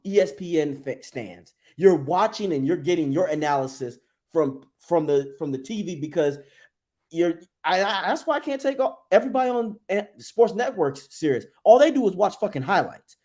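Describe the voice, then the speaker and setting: Fired-up man ranting, profane and loud. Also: on the high side, lively intonation, normal speed. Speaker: sports podcast co-host. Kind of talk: heated fan rant on a live show.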